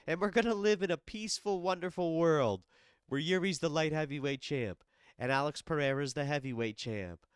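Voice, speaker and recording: A man's voice: fairly high pitch, normal speed, clean tone, dry recording, studio quality. A man hosting a podcast alone, sick and congested, ranting loosely with lots of swearing and talking straight to a fighter. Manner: animated, profane, talks straight to the absent fighter. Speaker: podcast host. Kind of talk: casual solo podcast rant. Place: home basement studio.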